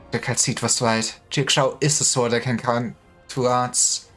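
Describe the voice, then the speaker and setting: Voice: medium pitch, level tone, unhurried, fairly bright tone, faint music behind. A streamer reading a game story aloud dramatically, voicing each character in turn.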